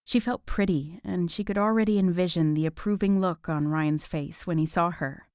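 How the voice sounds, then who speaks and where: A woman narrating a romance audiobook in a measured, even storytelling voice. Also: fairly low pitch, no room sound, studio quality.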